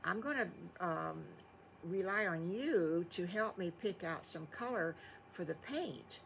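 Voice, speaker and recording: A kindly storybook farmer, warm-spoken and unhurried, as an older woman puts him on while telling a bedtime tale. He talks slowly and plainly, in a gentle folksy way. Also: on the low side, expressive, gravelly, a little hiss or hum, full character voice. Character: kindly middle-aged male farmer.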